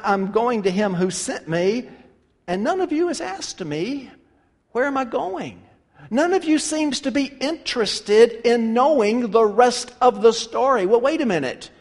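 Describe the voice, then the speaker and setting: A man's voice: sits high, lively intonation, measured pace, in a large hall. A man preaching a sermon, explaining scripture conversationally with frequent restarts. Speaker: pastor.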